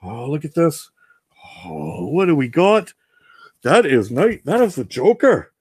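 A man playing Venom, a boastful alien symbiote, in a goofy, excitable in-character comic unboxing. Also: on the high side, unhurried, slightly rough, dry recording, clean studio sound, heavily acted. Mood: excited playful. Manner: goofy, excitable, answers himself with "yes".

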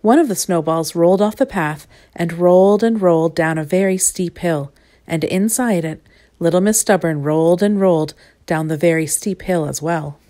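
A woman reading a children's picture book aloud with expressive, playful asides to the listener. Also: lowish voice, moderate pace. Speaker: storybook reader.

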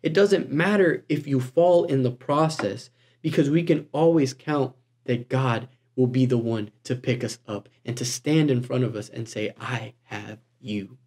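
A man preaching a sermon in a conversational, animated way, with casual asides to the congregation. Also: mid-range voice, moderate pace. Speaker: guest preacher.

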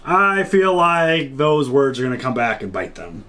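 A man's voice: medium pitch, big pitch swings, unhurried, pushed and bright, slight background noise. A man co-hosting a casual movie reaction chat, laid-back, laughing often and cracking dry jokes. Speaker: reaction video co-host.

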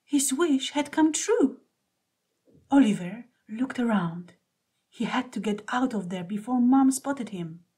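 A woman reading a children's picture book aloud in a gentle, expressive way. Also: fairly high pitch, takes it slowly, breathy edge. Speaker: storybook reader.

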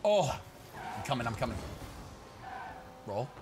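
A young man chatting through live gameplay, talking to his teammate and breaking into excited shouts. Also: medium pitch, unhurried, over music. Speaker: gaming YouTuber. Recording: background noise.

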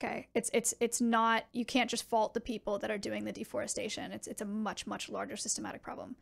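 On her stream, a young adult woman talks casually and animatedly with viewers, slipping in quick asides. Her voice is rather high and gravelly.

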